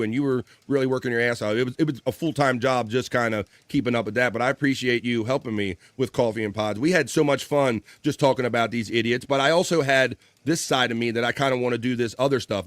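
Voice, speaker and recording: A man hosting a relaxed livestream talk show, reading viewer comments aloud and riffing on them. He laughs often and swears casually. His voice sits mid-range, recorded close and dry with no room sound. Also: mid-range voice, no room sound. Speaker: livestream host.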